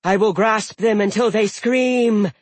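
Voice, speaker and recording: Growling, bloodthirsty young giantess a man puts on, high and loud, with a husky edge. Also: unhurried, no echo. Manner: growling, eager.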